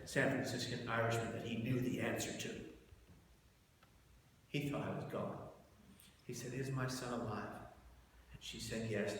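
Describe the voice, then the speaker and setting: A man telling his personal story to an audience as a public speaker, dramatic, swinging between hushed and loud. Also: mid-range voice. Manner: dramatic, shifts from hushed to shouting for effect. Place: large event hall. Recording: echoey hall, mic far off, noisy.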